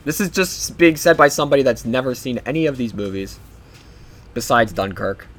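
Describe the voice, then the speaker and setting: A man's voice: mid-range voice, a little fast, fairly bright tone. A young man talking alone on his podcast, loose and offhand. He wanders from thought to thought, swears freely, and trails off into half-finished sentences. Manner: rambling, profane, offhand. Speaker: podcast host. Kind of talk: solo podcast rambling.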